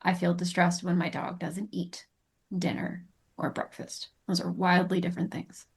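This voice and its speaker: A woman co-hosting a pet behavior podcast who tells animated stories and laughs often. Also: on the low side, moderate pace, gravelly, slightly rough. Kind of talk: casual chat.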